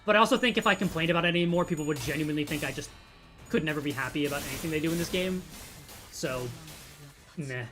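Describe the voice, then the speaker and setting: A man's voice: on the high side, quick pace. A man streamer chatting casually, reading chat aloud and joking. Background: faint music.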